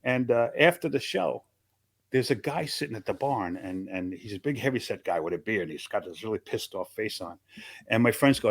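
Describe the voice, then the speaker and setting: An older comedian from Long Island, New York, appears as a guest in a casual storytelling interview, telling old stories rapid-fire with a comic's timing. He has a medium pitch and jumps into quick character voices for the people in his tales. The recording is dry and close, with no room sound.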